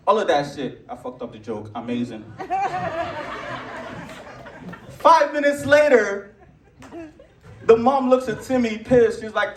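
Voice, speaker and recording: Picked up from a distance in echoey club audio, a twentysomething comic from Lagos with a Nigerian accent delivers a brash, crude stand-up routine. His high-pitched voice is animated at a normal speed, and his punchlines come across conversationally.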